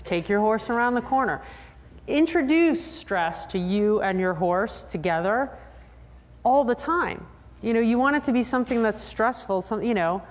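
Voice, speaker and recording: A woman giving a conference lecture to riders, lively and often checking in with the audience. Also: medium pitch, big-room sound. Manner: acts out riders' and trainers' voices. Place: convention lecture hall.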